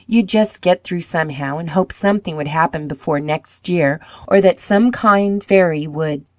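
A woman reading the lines of a lonely, gentle little schoolboy in a storybook, in a soft sad voice. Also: fairly low pitch, moderate pace, no room sound, studio quality, lightly acted. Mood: forlorn.

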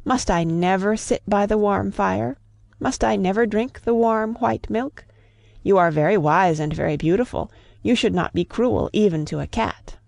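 A woman's voice: medium pitch, normal speed, creaky, a little mellow, dry recording, studio quality, lightly acted. A woman voicing a proud, sly male cat in a storybook reading, coaxing and scheming.

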